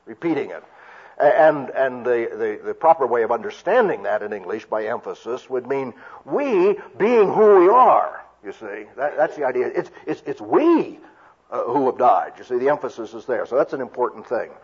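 A man's voice: mid-range voice, a little fast, a little mellow, breathy edge. A man preaching an expository sermon, teaching carefully and restarting often as he explains. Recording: dull lo-fi recording.

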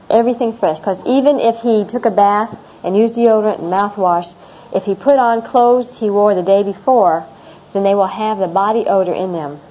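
Chatty woman teaching a class, mellow voice. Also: mid-range voice. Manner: chatty, repeats herself, laughs at her own stories. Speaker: teacher of international students. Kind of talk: classroom talk on American customs. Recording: dull lo-fi classroom recording with faint noise.

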